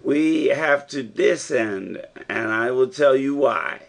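A man's voice: medium pitch, lively intonation, slow pace, vocal fry. A man reading as a bold old professor. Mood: rousing. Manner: firm, encouraging, instructing. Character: older male professor, bold and cheering. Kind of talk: audiobook reading.

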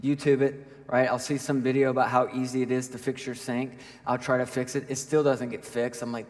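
A man preaching a sermon as a pastor, conversational and animated, often checking in with "right?" as he tells a story. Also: mid-range voice, brisk, few pauses, in a large hall.

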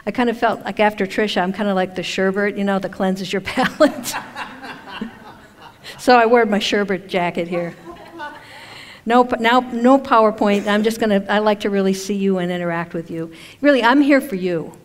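A woman's voice: medium pitch, normal speed. An older woman from Maine talking casually to a live audience from a stage, chatty and self-deprecating, laughing often. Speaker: speaker at a spiritual event. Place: stage in a large hall. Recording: echoey hall with long reverb.

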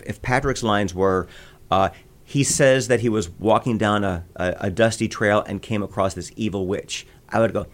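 Low-voiced man, animated storyteller. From Midwest United States. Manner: animated storyteller, quick bursts of voices and laughter. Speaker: voice actor guest. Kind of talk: interview conversation.

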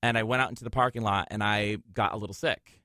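Bright-voiced man, animated podcast host. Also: fast talker, dry recording, clean studio sound. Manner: animated storyteller, jumps high when quoting people. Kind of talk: casual chat.

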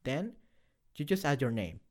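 A man teaching a beginner lesson in a clear, explanatory, scripted way. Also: medium pitch, very animated, a little slow. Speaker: language teacher.

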